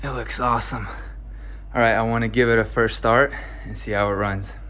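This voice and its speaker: A man's voice: lowish voice, steady tone, normal speed, fairly bright tone. Casual man narrating a car build. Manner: casual, enthusiastic, explains steps as he works. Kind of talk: casual garage vlog narration. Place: garage, working on a car. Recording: background music playing.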